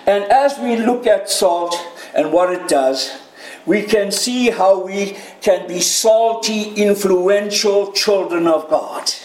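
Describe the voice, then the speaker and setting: Male pastor, high voice, slow lively preaching, reverberant sanctuary. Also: slight background noise. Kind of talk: sermon. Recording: echoey room.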